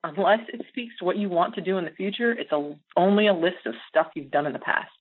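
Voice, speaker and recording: A middle-aged American woman telling a story as a podcast guest, animated and laughing often. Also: lowish voice, fast talker, a little hiss or hum. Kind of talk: casual storytelling interview. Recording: phone-like audio.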